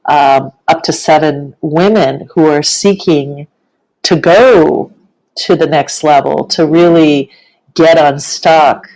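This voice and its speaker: A woman co-hosting a casual live-streamed chat, speaking in a relaxed way with many fillers and welcoming viewers. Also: low-pitched, poor audio. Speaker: co-host, ceremony facilitator.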